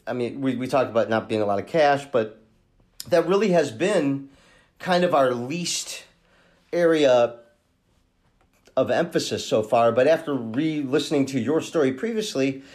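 Halting podcast host man, mid pitch. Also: a little mellow. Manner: halting, thinks aloud with many restarts. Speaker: podcast host and case investigator. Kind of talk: conversational true-crime podcast.

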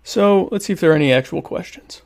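A man's voice: high-pitched, fast, a little mellow. A man hosting a casual livestream, joking and teasing his viewers in a self-mocking way while he eats. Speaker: livestream host. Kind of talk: casual comedic chat with viewers. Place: home, at a meal.

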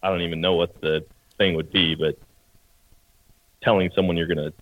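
A man with a low, deep voice tells a hunting story in a relaxed, plain-spoken way. The sound is dry, with no room echo. It is a little muffled. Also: moderate pace. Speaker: podcast co-host, hunter. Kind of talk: casual storytelling.

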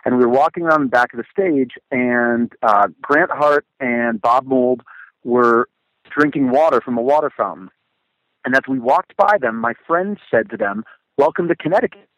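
A middle-aged man and podcast guest telling lively stories in a casual chat, acting out quotes and using many fillers. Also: medium pitch, normal speed, no echo, dull audio. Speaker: podcast guest, motivational speaker. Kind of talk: casual storytelling.

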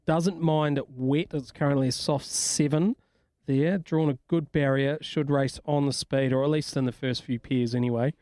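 Jokey New radio host, dry studio. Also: male voice, mid-range voice, fairly even intonation, normal speed, mellow, no room sound. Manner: jokey, rambling, laughs often. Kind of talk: casual breakfast radio banter.

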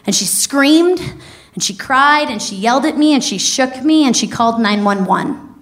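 A woman in her thirties telling a wild personal story on stage, lively and laughing as she goes. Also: high-pitched, moderate pace. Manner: lively, animated, breaks into laughter. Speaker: comedic storyteller. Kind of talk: stand-up storytelling.

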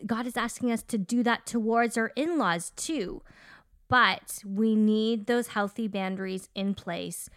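A woman's voice: fairly high pitch, a little slow, dry recording. Woman co-host, dry close podcast voice. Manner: warm agreeing, laughs easily, gives short affirmations. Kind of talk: casual faith-based marriage podcast chat.

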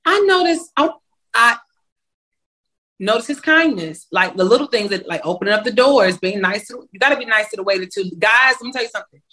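A woman's voice: fairly high pitch, expressive, fairly quick, pushed and bright. A young woman singer, a guest in a casual interview, chatty and laughing, with preachy asides.

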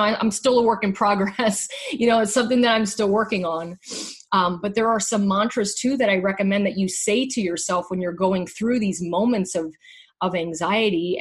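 A middle-aged woman speaks in a husky, breathy voice, candid and heartfelt. She often stops and restarts mid-thought as she shares her story. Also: medium pitch. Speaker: guest sharing her story. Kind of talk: emotional personal conversation.

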